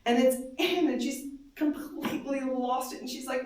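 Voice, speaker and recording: A woman giving an intense, emotional live reading of first-person dream monologues, moving between hushed and loud. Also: high-pitched, moderate pace. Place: darkened live performance space. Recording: very echoey hall, voice from far off.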